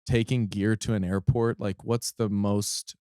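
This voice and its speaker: A man who is a touring musician, a guest on a podcast, telling relaxed anecdotes in casual chat. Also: on the low side, a little slow, no echo, clean studio sound. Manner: relaxed anecdote teller, easy laughter.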